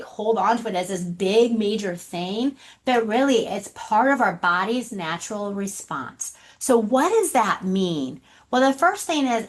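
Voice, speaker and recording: Lively woman presenting a leadership webinar. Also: on the high side. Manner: animated, asks the audience rhetorical questions.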